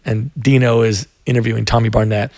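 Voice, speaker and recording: A man who is a pastor, talking in a casual podcast chat, earnest and halting with many restarts. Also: mid-range voice, steady tone, a little mellow, no room sound, studio quality.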